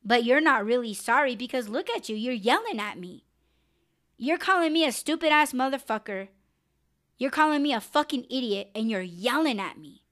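Venting on a live podcast she hosts, a young woman swears freely and rants with blunt, animated energy in a casual way. Her pitch is fairly high and her speed is normal.

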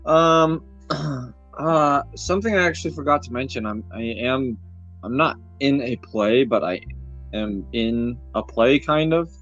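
Slow, hesitant young man. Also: mid-range voice, animated, fairly bright tone, highs cut off, faint music behind. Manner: hesitant, clears throat often. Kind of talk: casual chat.

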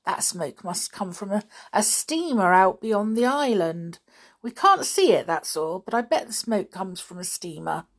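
A woman's voice: mid-range voice, lively intonation, measured pace. A woman reading the part of a wry, level-headed boy. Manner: wry, reasoning.

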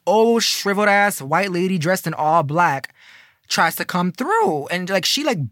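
A young man casually telling a personal story, slangy and animated, with lots of fillers. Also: sits high, dry recording, clean studio sound.

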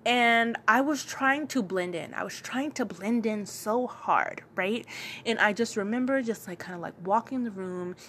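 A woman's voice: fairly high pitch, a little slow, a bit bright, a little hiss or hum. Young woman, light Geechee lilt, chatty storyteller, loose fillers, repeats herself for effect. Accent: light Gullah Geechee, Lowcountry South Carolina. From Charleston, South Carolina. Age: young adult. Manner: chatty, many fillers, repeats lines for emphasis. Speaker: business owner telling her story. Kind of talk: casual personal storytelling.

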